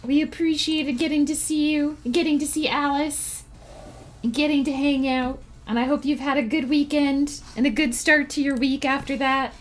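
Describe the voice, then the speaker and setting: A woman's voice: high voice, steady tone, moderate pace. A woman streamer chatting casually with her live chat, reacting to messages and laughing often. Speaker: streamer and writer.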